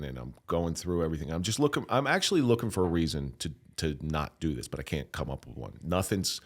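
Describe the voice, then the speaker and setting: A middle-aged man telling his own story as a podcast guest, candid and emotional, stopping and restarting often and swearing bluntly. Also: extremely low pitch. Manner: halting, emotional, frequent restarts.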